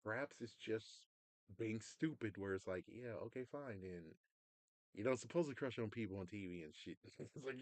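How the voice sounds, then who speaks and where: A man's voice: on the low side, normal speed, a little mellow, no echo. A man ranting casually to his audience, rambling in a frustrated way, swearing and stepping into little quoted asides. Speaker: vlogger. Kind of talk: casual rant to camera.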